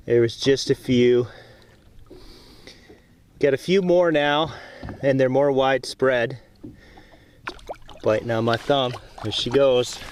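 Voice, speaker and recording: Unhurried man fishing from a boat. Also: mid-range voice, smooth. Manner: relaxed and chatty, bursts of excited whoops on catches. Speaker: fishing vlogger. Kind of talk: casual narration while fishing. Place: outdoors on a boat on a lake.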